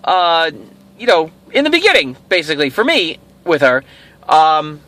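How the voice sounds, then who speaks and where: Hosting a casual toy show video, a middle-aged man with a slightly high voice rambles through a personal story at a normal speed. He's animated and acts out what each person said.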